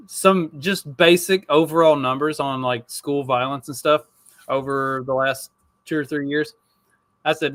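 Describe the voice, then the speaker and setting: A man's voice: mid-range voice, fairly bright tone, dry recording. A middle-aged man co-hosting a podcast, telling wry, mocking anecdotes in casual chat. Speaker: podcast co-host.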